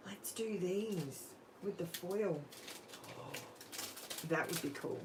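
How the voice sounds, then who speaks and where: A woman's voice: on the low side, slow pace, pauses often, background noise. A middle-aged woman with an Australian accent, chatting casually with viewers on a live craft stream in her home craft room. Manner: chatty, talks straight to viewers in the chat while crafting. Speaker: craft channel host. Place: home craft room under overhead lights.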